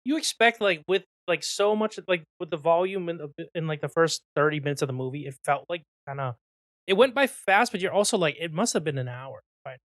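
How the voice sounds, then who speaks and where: A man co-hosting a podcast who retells film scenes in an animated way and laughs often. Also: a little high, brisk, no room sound, clean studio sound. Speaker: podcast co-host. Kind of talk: casual chat reviewing a film.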